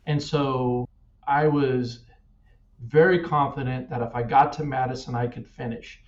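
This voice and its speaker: A man's voice: mid-range voice, steady tone, measured pace. A middle-aged man from Kansas, a cyclist guest, telling his story earnestly, often repeating words. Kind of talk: casual interview. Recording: echoey distant dull-sounding mic.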